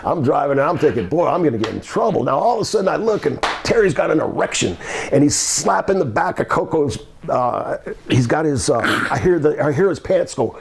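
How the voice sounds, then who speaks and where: A man's voice: fairly high pitch, expressive, brisk, gravelly, a little hiss or hum. An older man, a former wrestler, telling rambling anecdotes with laughter in a shoot interview. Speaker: guest, former pro wrestler.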